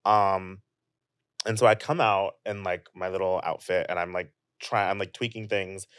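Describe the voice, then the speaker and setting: A man's voice: sits low, steady tone, moderate pace, a bit bright, clear, resonant tone, no room sound, studio quality. A young adult man chatting casually as a podcast guest, rambling and filling his sentences with "like". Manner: rambling, heavy use of "like". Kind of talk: casual chat.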